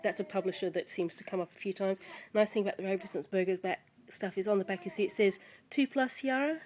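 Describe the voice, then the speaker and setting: Mid-pitched woman, chatty home vlog to camera, rambling delivery with restarts. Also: brisk, a little mellow, a little hiss or hum. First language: English. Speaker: parent showing children's books. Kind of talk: casual show-and-tell chat. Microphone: camera mic.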